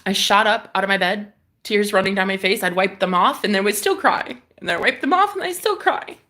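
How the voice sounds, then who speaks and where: A woman's voice: medium pitch, animated, brisk, bright, forceful tone. A woman vlogger intensely recounting a personal spiritual experience, with many restarts and some swearing. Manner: emotional, intense retelling with frequent restarts and swearing. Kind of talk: personal spiritual story told to camera.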